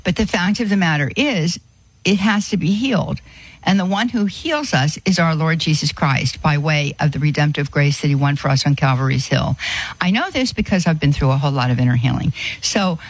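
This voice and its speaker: A man giving an earnest Christian talk on inner healing, halting often with fillers and restarts. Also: on the high side, no room sound. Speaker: Christian speaker.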